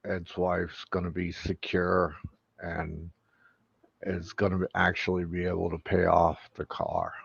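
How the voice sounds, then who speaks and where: A man speaking slowly and hesitantly in a casual chat, with many fillers. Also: deep voice, little pitch movement, creaky, breathy edge, no echo. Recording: dull lo-fi stream audio.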